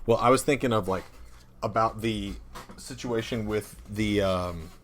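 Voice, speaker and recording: Young male co-host, low voice, playful and halting. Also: slight background noise. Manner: playful, hesitant with ums. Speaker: podcast co-host, game master. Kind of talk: casual chat.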